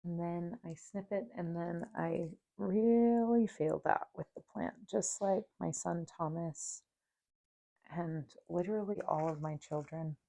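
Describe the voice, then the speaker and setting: A woman hosting a spiritual podcast, talking softly and dreamily and at times guiding a meditation, sometimes dropping to near-whispers. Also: lowish voice, creaky. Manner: soft, slow and dreamy, drifting into near-whispers. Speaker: podcast host.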